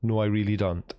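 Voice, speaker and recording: A man's voice: lowish voice, a little mellow. A man hosting a casual livestream, reading chat messages aloud and answering them with wry, self-mocking banter.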